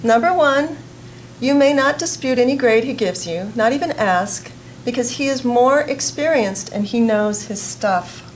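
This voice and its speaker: A woman's voice: fairly high pitch, animated, measured pace, a little hiss or hum, low-quality recording. A woman student recounting a frustrating class in a personal vlog.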